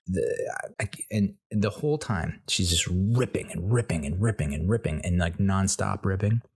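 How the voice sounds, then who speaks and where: Gravelly-voiced man telling a comic story. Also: low voice, moderate pace. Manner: animated, swears, acts out voices. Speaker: comedy podcast host. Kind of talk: casual comedic storytelling.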